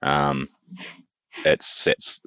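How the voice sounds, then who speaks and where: A man, a father co-hosting a podcast, talking in a relaxed, hesitant way with many fillers. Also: drawn-out words, dry recording. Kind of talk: casual podcast chat. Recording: dull, dry muffled mic.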